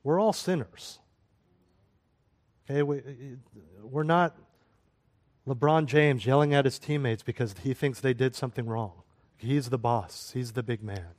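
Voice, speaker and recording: A man's voice: medium pitch, measured pace, pauses often. Impassioned male pastor preaching. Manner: impassioned, swinging from loud exhortation to soft prayer. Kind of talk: sermon.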